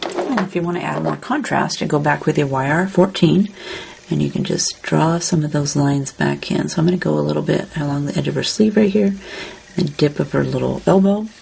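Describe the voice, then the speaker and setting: A woman calmly talking through a step-by-step card-coloring tutorial, describing each stroke as she works. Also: low-pitched, fairly quick, gravelly, husky. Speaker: card-making instructor.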